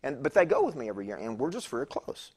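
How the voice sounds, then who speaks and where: A man's voice: mid-range voice, wildly swooping pitch, rapid-fire, darkish tone, slightly rough. A man in his fifties giving a conversational sermon as a guest preacher in a church, chatty and digressive, with stammered restarts. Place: church sanctuary.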